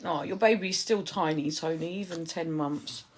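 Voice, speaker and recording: A woman's voice: on the low side, normal speed, slight background noise. A woman, a livestreamer and new mother, chatting casually and affectionately with her viewers from home while reading out their messages.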